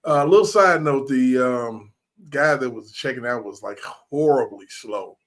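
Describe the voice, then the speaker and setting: Swearing, animated male podcast host. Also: medium pitch, a little slow. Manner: animated storyteller, acts out quotes, swears freely. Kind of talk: casual chat.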